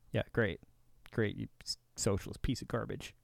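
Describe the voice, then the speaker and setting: A man ranting in a sarcastic, combative reaction commentary, swinging from loud outbursts to low mutters. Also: flat delivery, normal speed, vocal fry, dry recording, studio quality. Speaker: reaction video host.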